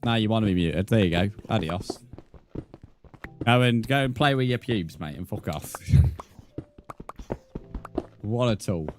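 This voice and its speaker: A man's voice: lowish voice, animated, measured pace, long pauses, a little hiss or hum. A man livestreaming a game, chatting casually with viewers, bantering and swearing at the chat in mock threats.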